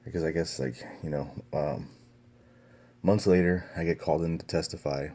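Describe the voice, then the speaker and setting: A man's voice: extremely low pitch, fairly even intonation, moderate pace, dark tone. A young man telling a story to his vlog camera in a casual, profane way, with lots of fillers and restarts. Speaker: vlogger.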